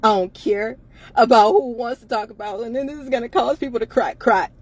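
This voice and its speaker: A tired woman co-hosts a casual live-stream chat show, laughing a lot, swearing freely, and repeating herself with emphasis. Her voice sits a little high and has a darkish tone, and she talks fairly quickly.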